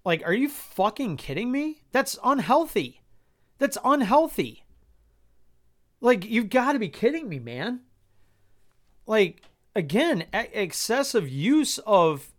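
A man's voice: high voice, sing-song, takes it slowly. A man hosting a personal podcast, speaking in exasperated, incredulous tones, swearing often and restarting his sentences. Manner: incredulous rhetorical questions. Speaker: podcast host.

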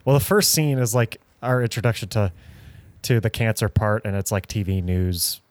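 A man's voice: fairly low pitch, moderate pace, a little mellow, dry recording. A man co-hosting a podcast, chatting casually about a film with frequent laughs. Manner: rambling, laughs often, many fillers. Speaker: podcast co-host. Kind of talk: casual movie review chat.

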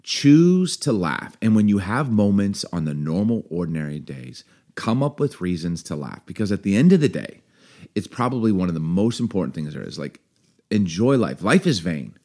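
A man's voice: sits low, animated, a little fast, dark tone. A man co-hosting a family podcast as the father, chatting casually, laughing often and giving earnest advice.

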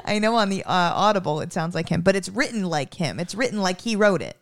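Fast-talking New woman. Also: fairly low pitch, expressive. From New Jersey. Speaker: podcast co-host. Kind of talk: casual chat.

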